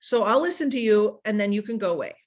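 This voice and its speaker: Woman motivational speaker, middle pitch, very expressive and upbeat coaching delivery. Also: quick pace. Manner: energetic and animated, playfully acting out dialogues. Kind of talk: motivational talk.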